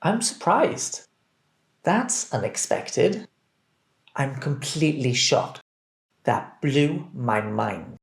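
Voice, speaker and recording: A man teaching English, reading phrases deliberately and clearly so that learners can repeat them. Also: medium pitch, very animated. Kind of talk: scripted language drill. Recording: roomy echo.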